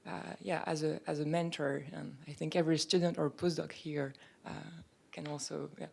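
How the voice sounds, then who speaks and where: A woman with a low, gravelly voice speaks in a university auditorium. She hosts the seminar and makes a thoughtful comment, halting often and restarting her sentences. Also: flat delivery, a little mellow. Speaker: institute director hosting the seminar.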